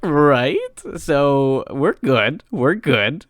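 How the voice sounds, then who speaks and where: Animated young man rambling jokily. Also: medium pitch, extremely slow. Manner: rambling, crude, playful. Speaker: podcast co-host. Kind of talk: casual banter.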